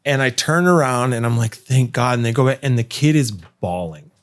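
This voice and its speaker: A man's voice: mid-range voice, expressive, brisk. A man, a podcast host, telling a rowdy work story in casual, profane chat.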